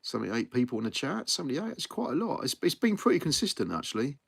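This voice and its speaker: A man's voice: mid-range voice, sing-song, fast, gravelly, breathy edge, dry recording. A man hosting a live music stream, chatting casually to viewers, thanking them and repeating himself as he talks. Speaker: livestream host.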